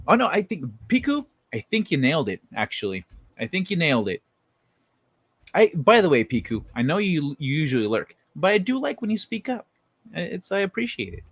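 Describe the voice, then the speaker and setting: A man's voice: on the high side, no room sound. A man live-streaming, chatting casually with viewers and telling stories in a rambling, profane way.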